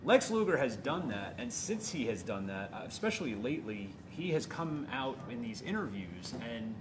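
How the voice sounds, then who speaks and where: A man's voice: mid-range voice, very animated, moderate pace, noisy background. A man hosting a casual interview, chatty and enthusiastic. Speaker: interview host.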